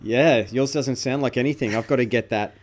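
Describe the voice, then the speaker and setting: A man's voice: mid-range voice, fairly quick. A man with an Australian accent hosting a stream, chatting in a laid-back, matter-of-fact way with local slang. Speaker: stream host. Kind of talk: casual chat.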